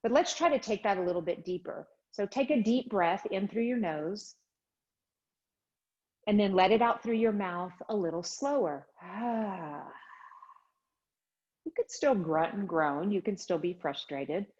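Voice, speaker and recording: A woman yoga teacher leading a chair yoga class with slow, soothing guided instructions. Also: medium pitch, lively intonation, darkish tone, highs cut off. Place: home studio livestream.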